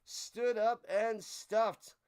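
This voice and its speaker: High, smooth-voiced young man calling plays. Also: very slow. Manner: jokey, animated, stumbles over names. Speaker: play-by-play streamer and host. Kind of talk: live play-by-play commentary.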